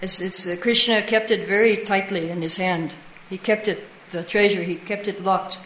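A woman's voice: medium pitch, steady tone, moderate pace, a bit bright, slight background noise. Woman telling devotional stories, echoey room. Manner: retells stories with quoted dialogue, answers listeners. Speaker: teacher in a devotional class. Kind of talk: devotional class storytelling.

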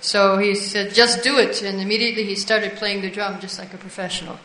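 A woman's voice: mid-range voice, little pitch movement, a little fast, sharp tone, slight background noise. Woman telling devotional stories, echoey room. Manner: retells stories with quoted dialogue, answers listeners. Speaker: teacher in a devotional class. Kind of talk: devotional class storytelling.

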